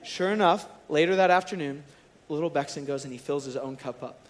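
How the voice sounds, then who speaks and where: Storytelling young pastor in a reverberant hall. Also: male voice, fairly high pitch, a little fast. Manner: storytelling, animated and conversational. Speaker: college and students director. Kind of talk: sermon. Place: large church auditorium.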